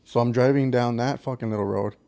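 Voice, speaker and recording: A man with an El Paso Texan accent tells a road story in casual podcast chat, at a middling pitch. He swears nearly every line and throws himself into quoting the other driver and himself. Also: fairly quick. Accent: El Paso Texan English. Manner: animated, swears constantly, acts out quotes. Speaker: podcast co-host.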